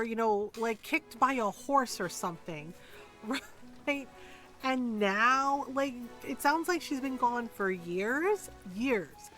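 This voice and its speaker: A woman with a fairly high voice talks through a game stream in a loose, chatty way, leaning on sarcasm and tossing in "like" and "right?" constantly. Soft game music plays faintly underneath. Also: expressive, slow pace. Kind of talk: casual game-stream commentary.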